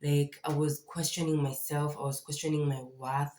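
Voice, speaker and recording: A young woman with a Kenyan accent speaks in a low voice, pouring out her feelings in a candid confessional vlog. She sounds distressed and close to tears, restarting her sentences often. The recording carries a noticeable room echo. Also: flat delivery, moderate pace, dark tone. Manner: candid, emotional, with restarts and fillers. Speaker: vlogger. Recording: echoey room.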